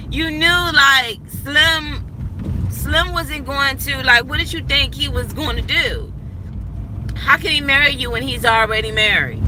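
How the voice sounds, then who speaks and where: A high, very bright woman's voice in her thirties, pressing her points and circling back to them as she talks to viewers. She records on a phone from a moving vehicle, with faint traffic noise behind her. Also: low-quality recording. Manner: emphatic, repetitive, talks straight to her audience. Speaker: vlogger telling a personal story. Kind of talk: animated storytelling to viewers. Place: in a moving vehicle outdoors, going under a bridge.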